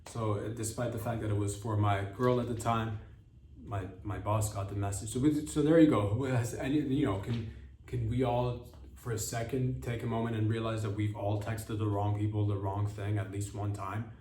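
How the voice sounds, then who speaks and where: A man's voice: on the low side, fairly even intonation, normal speed, warm tone, slight background noise. Brief: young male comedy host, meandering and sarcastic, in an echoey room away from the mic. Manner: rambling, trailing off, sarcastic. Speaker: podcast host. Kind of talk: comedic monologue. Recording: roomy sound, mic at a distance.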